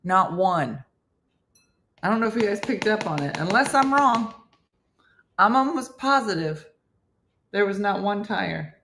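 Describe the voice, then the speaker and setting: Animated woman hosting a comedy morning show. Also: mid-range voice, measured pace, pauses often, slight background noise. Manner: animated, laughing, chatty asides. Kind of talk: casual comedic chat.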